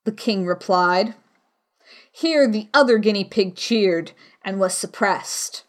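A woman narrating a classic storybook at an unhurried pace. Her reading is calm and measured, with a middle-pitched voice. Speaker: audiobook narrator.

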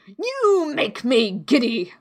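A woman voicing a cruel, bad-tempered queen who barks slow, shrill commands in a storybook reading. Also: wildly swooping pitch, exaggerated voice. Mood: furious. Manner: shouting, drawn-out commands.

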